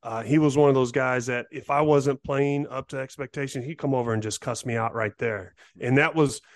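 A man, a former player, talking as a podcast guest in a relaxed, rambling way full of uhs. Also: medium pitch, no echo. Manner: relaxed, rambling, halting with fillers. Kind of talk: casual interview chat.

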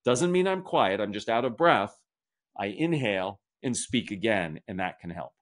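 A man's voice: fairly low pitch, sing-song, moderate pace. Man explaining communication methodically. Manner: structured, explanatory, summarizes his points. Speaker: communication author and guest. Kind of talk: podcast interview answer.

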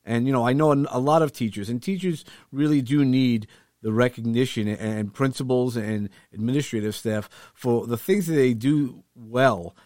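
A man's voice: medium pitch, moderate pace, darkish tone, no room sound, clean studio sound. A man hosting an interview, introducing his guest with hesitant restarts and fillers. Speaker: interview host.

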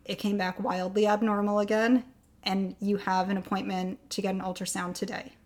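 A woman's voice: mid-range voice, normal speed. A woman in her thirties telling a personal story in casual conversation, acting out the voices of the people she quotes. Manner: animated storyteller who acts out quoted voices. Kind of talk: casual chat.

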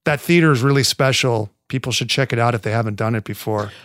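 A man's voice: mid-range voice, fast talker, fairly bright tone, no echo, studio quality. A man co-hosting a podcast in casual chat, laid-back and jokey, rambling as he talks. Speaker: podcast co-host.

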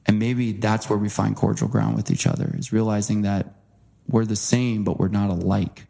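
Male interview guest, low mellow voice with some fry, earnest storyteller. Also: moderate pace. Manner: earnest, animated impressions when quoting. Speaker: guest author.

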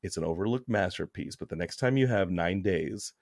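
A man putting on the voice of a pushy grown male friend who speaks in a hushed, coaxing way. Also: sits low, a little fast, no echo, clean studio sound, voice pushed down.

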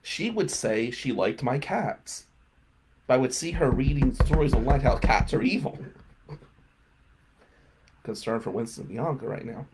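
In a radio studio, a male talk show host delivers a casual comedic monologue of self-mocking stories, laughing at his own jokes. His mid-range voice is husky and a little mellow.

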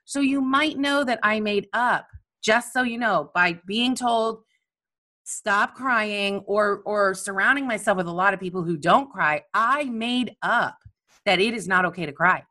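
Woman, candid personal monologue, bright tone, animated and self-mocking, coach. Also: mid-range voice, moderate pace.

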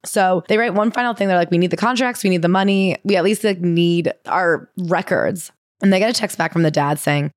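Fast-talking wry woman podcaster. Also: fairly low pitch, no echo, clean studio sound. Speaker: podcast co-host. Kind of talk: casual chat and reading excerpts aloud.

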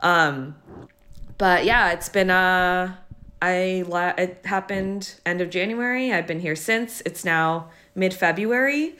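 Teary young woman, lowish voice, halting chat. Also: pushed and bright. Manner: halting, many fillers, laughs through tears. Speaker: podcast co-host. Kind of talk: casual chat.

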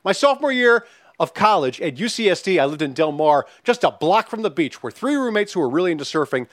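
A man's voice: high voice, fast, no echo, studio quality. A man hosting a casual podcast chat, swearing freely and reading out listener questions. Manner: animated, profane, reads listener questions. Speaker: podcast host.

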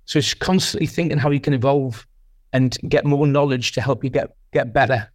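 A man's voice: mid-range voice, steady tone, fairly quick, dry recording, studio quality. A man, a sales leader guest, talks through his experience in a rambling, self-reflective way with many restarts. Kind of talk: casual podcast interview.

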